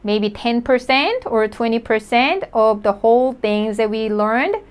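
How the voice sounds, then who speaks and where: A woman teaching a language lesson, her voice sitting a little high. She speaks patiently and repeats each word slowly for learners. She keeps a cheerful, encouraging tone. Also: smooth.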